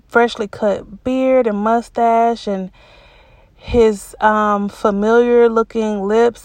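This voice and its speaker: Woman storyteller, gravelly low fry, unhurried delivery, candid casual chat with emotional repetitions. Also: a little mellow, no room sound. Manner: colloquial, says y'all.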